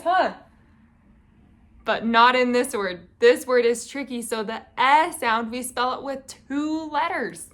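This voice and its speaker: A woman reading teacher giving a children's phonics lesson, sounding out words slowly and encouragingly. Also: a little high, fairly bright tone.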